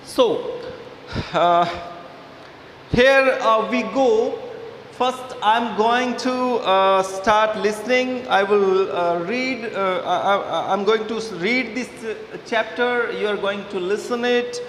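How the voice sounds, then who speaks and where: A man with an Indian English accent teaching an English lesson to schoolchildren, talking slowly with many fillers and repeated words. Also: sits high, a bit bright. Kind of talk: classroom video lesson. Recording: echoey room with faint background noise.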